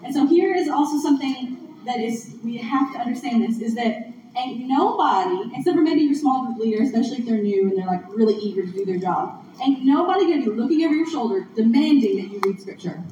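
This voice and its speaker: Woman preacher, earnest and chatty, slightly high voice, captured far from the mic in a muffled, noisy, echoing hall. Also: expressive, quick pace, dark tone. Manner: conversational, earnest, laughs along with audience. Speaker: speaker at a church gathering. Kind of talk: sermon. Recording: distant echoey room mic, muffled, noisy.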